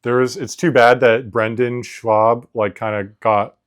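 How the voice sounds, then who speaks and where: A man's voice: mid-range voice, flat delivery, measured pace, clean tone. A man co-hosting a podcast, telling rambling stories in casual chat, laughing often and filling gaps with "like". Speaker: podcast co-host.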